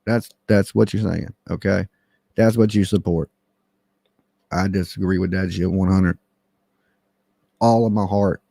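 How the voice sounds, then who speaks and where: Gravelly, mocking livestream host man. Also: sits low, steady tone, measured pace, pauses often, warm tone, no room sound, studio quality. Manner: profane, mocking, combative. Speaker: true crime livestream host. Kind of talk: ranting livestream commentary.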